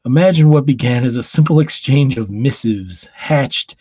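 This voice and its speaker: A man's voice: mid-range voice, moderate pace, darkish tone, slightly rough, no echo, highs cut off, voice pushed up, lightly acted. A man reading comic panels aloud, voicing a gushing, sweet-natured woman in love.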